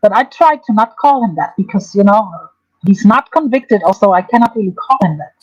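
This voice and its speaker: A woman hosting a casual livestream, talking in a halting, hesitant way with many restarts. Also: mid-range voice, lively intonation, darkish tone, no room sound, highs cut off.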